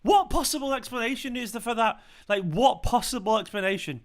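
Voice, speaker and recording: A man's voice: very high voice, animated, brisk. A young man hosting a live football watchalong, ranting furiously at a referee decision and swearing over and over. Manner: furious, swearing, repeats himself. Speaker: football fan channel host.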